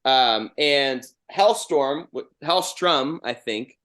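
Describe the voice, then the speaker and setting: A man of middle pitch talking casually on a podcast. He walks through film scenes at length, with a few fillers along the way. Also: expressive, takes it slowly, fairly bright tone.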